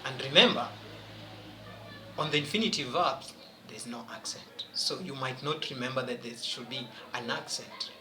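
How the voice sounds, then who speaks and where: A man's voice: medium pitch, normal speed, roomy sound, background noise. A man teaching a French exam-prep lesson, emphatic and questioning his students as he goes.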